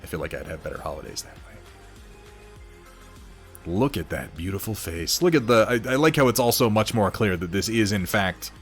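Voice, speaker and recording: A slightly hoarse man hosting a casual hobby livestream, reading viewer posts and chatting with mild swearing. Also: on the low side, animated, fairly quick, soft background music. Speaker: host of a miniature painting stream.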